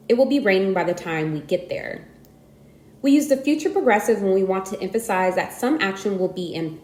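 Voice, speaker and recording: A woman narrating a scripted grammar lesson in a measured, explanatory way. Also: on the low side, echoey room. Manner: measured, explanatory reading with lively emphasis. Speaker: audiobook narrator.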